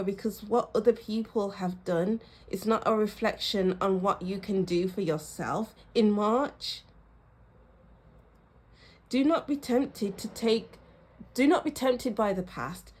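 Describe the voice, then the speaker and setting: A woman's voice: mid-range voice, darkish tone. Encouraging woman reading tarot. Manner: encouraging, repeats affirmations, thinks aloud. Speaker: tarot reader. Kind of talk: casual tarot reading to camera.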